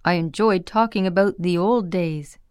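A woman reading a first-person memoir aloud in a measured, plain storytelling manner. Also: fairly low pitch, a little mellow, clear, resonant tone, no echo, clean studio sound. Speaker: audiobook reader.

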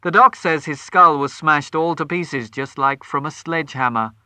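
A man's voice: fairly high pitch, normal speed, pushed and bright, clean tone, no echo. A man reading aloud voices a blunt, hearty middle-aged police sergeant in a told story.

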